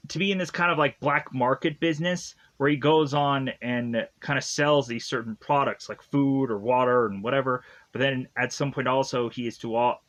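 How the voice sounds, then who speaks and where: A man's voice: mid-range voice, fairly bright tone. A man casually retelling a film's plot in a rambling way, leaning on fillers and chuckling at twists. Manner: rambling, heavy use of "like" and "is to"; laughs at the plot. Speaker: movie reviewer. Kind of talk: casual spoken film recap.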